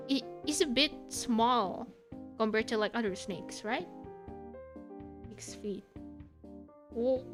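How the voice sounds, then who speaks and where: Giggly high-voiced young woman streamer. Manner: giggly, squeals high when excited. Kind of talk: casual chat with chat. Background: soft background music.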